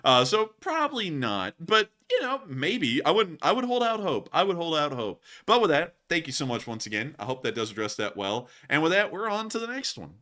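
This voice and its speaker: A man's voice: fairly high pitch, very animated, fairly quick, hardly any pauses, bright, forceful tone. A man hosting a news livestream, answering viewer questions in a jokey, rambling way and laughing often. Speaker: news stream host. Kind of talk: casual livestream chat.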